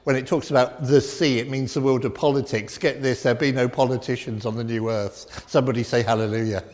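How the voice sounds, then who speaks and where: A middle-aged man preaching a sermon in a church, emphatic and repetitive, swinging between loud declarations and quiet reflection. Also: mid-range voice. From England. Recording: long reverb of a church hall.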